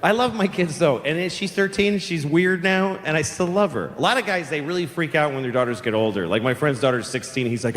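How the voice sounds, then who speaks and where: Comedian on stage. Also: male voice, on the high side, brisk, hardly any pauses. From Boston. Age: 40s. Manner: deadpan, building to loud acted-out bits. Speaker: stand-up comedian. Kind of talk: stand-up comedy set. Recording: reverberant live venue with faint ambience.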